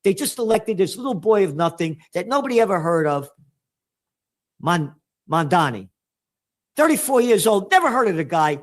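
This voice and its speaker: A man's voice: high-pitched, big pitch swings, moderate pace. A man from the Bronx with a New York accent, a trend forecaster guest in an interview, talking in a heated, sarcastic way full of rhetorical questions. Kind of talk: ranting interview answer.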